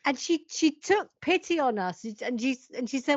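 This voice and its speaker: Lively woman telling a funny story. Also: sits high, no room sound, dull audio. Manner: lively storyteller, fast asides and self-mocking humor. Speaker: podcast guest. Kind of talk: animated anecdote telling.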